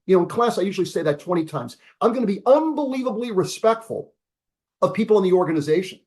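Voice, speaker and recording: A man in his seventies, a business school professor, giving an emphatic, energetic lecture-style talk over a video call, repeating key words and asking rhetorical questions. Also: high-pitched, fast talker, husky.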